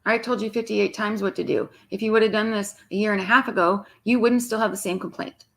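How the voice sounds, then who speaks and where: A woman's voice: mid-range voice, steady tone, quick pace, vocal fry. A woman twin flame coach speaking bluntly and with exasperation to her viewers, swearing freely and mimicking clients.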